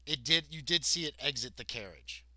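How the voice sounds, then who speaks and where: A male game master narrates a tabletop role-playing session, rambling along and correcting himself as he goes. His voice is very bright and crisp at a middle pitch, and the sound is close and dry. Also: lively intonation, brisk, no room sound. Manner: rambling narration with many ums and self-corrections.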